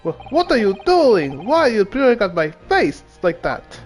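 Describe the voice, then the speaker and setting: A man's voice: sits high, huge pitch swings, normal speed, soft background music, voice pushed up. A man reading aloud as an earnest young male lawyer, puzzled and flustered in his questions. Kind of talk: reading game dialogue aloud.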